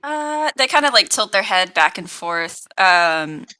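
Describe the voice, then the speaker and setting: A woman's voice: lowish voice, very animated, unhurried, sharp tone, rough recording. A woman narrating a tabletop game as game master, hesitant and full of fillers.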